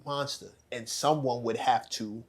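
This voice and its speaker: A podcast co-host speaks at a medium pitch, weighing his words as he questions a guest. He is thoughtful, and his voice drops off softly at the ends of his phrases. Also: fairly even intonation, measured pace. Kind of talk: podcast discussion.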